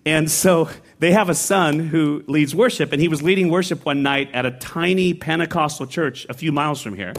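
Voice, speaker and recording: A middle-aged man preaching a sermon as a pastor, telling stories in a lively, conversational way that builds to excited peaks. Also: fairly high pitch. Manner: storytelling, rising to excited peaks. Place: large church sanctuary.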